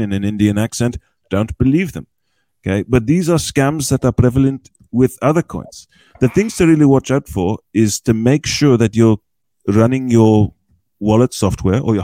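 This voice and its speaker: Guesting on a podcast recorded with a small group, a man gives a casual, folksy rundown of cryptocurrency and keeps asking "okay?" to check in. The recording is dry, and his voice is mellow and fairly low.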